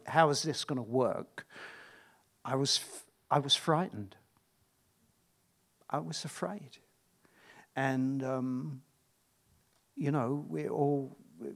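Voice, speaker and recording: Halting middle-aged man telling stories. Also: a little high, gravelly, a bit bright. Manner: halting, stop-start, self-interrupting. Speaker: actor at a screening Q&A. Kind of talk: candid anecdotal chat.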